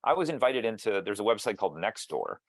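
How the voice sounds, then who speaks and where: A man's voice: fairly low pitch, big pitch swings, quick pace, dry recording. A man interviewing guests over a video call, thoughtful and musing, with frequent restarts. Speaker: interviewer and mediator.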